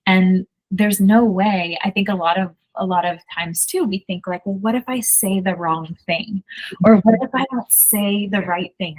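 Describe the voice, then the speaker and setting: A woman's voice: lowish voice, breathy edge, poor audio. A woman hosting a podcast as a business coach, chatting casually in an enthusiastic, encouraging way, full of "like" and "so". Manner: enthusiastic, encouraging, many fillers like "like".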